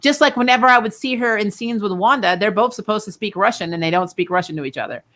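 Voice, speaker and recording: A woman's voice: medium pitch, fast, a bit bright. A young adult woman hosting a casual live-stream chat about TV shows, talking loosely, laughing often and trailing off mid-sentence. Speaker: host of a TV review channel.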